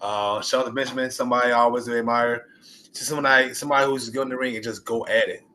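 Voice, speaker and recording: A young man, an indie wrestler, talking excitedly and rambling about his favorite matches in a casual interview. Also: mid-range voice, quick pace, a little hiss or hum. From US Gulf Coast. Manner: animated, rambling, excited storytelling.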